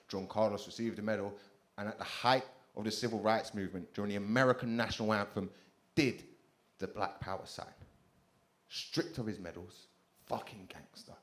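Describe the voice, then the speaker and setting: A young man with a South London accent performing a stand-up comedy set, swearing freely and mocking himself in a punchy delivery on a club stage. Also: sits low. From England.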